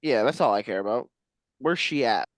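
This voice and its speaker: A comedy podcast co-host chatting in a deadpan, rambling way full of tangents. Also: mid-range voice, normal speed, dry recording. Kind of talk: casual comedic chat.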